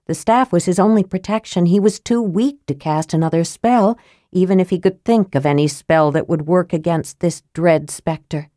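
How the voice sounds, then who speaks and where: A woman reading a fantasy novel aloud as an audiobook narrator, in measured, even storytelling. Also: on the low side, dry recording, clean studio sound.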